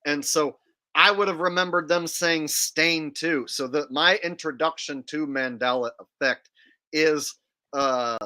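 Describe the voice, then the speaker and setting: Bright animated man on a video call. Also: fairly high pitch. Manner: animated storyteller, acts out quotes. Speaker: host. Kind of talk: casual panel chat.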